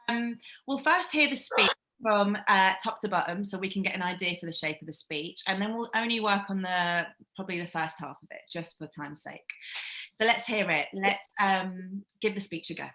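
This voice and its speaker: A woman's voice: mid-range voice, moderate pace, pushed and bright, roomy sound, rough recording. A woman leading a live-streamed acting workshop, coaching in a chatty, encouraging way with plenty of ums, over a video call.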